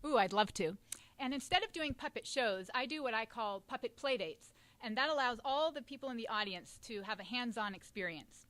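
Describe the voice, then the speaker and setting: A woman puppeteer answering interview questions in a lively, animated way, with some ums. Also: fairly high pitch, brisk. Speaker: puppeteer guest.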